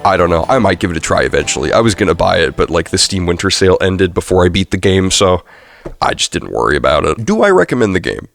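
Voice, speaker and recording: A man's voice: low voice, sing-song, fast, creaky. A young man casually reviewing a video game, rambling with lots of fillers and self-corrections. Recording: faint music underneath. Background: faint background music.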